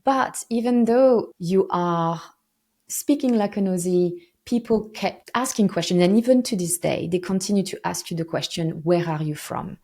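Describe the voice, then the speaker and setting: A woman's voice: medium pitch, normal speed, darkish tone. A woman hosting an interview, asking empathetic questions that sum up what her guest said. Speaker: interviewer, host. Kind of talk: interview conversation.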